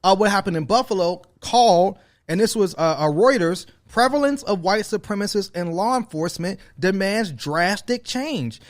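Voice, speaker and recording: A man's voice: high voice, lively intonation, moderate pace, hardly any pauses. A man hosting a casual podcast discussion, emphatic and repeating himself with many fillers. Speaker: podcast host.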